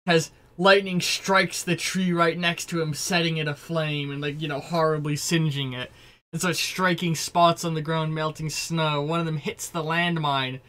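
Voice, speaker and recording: A man's voice: a little high, fairly even intonation, moderate pace, pushed and bright. A man narrating as game master in a tabletop game, rambling with frequent fillers and restarts.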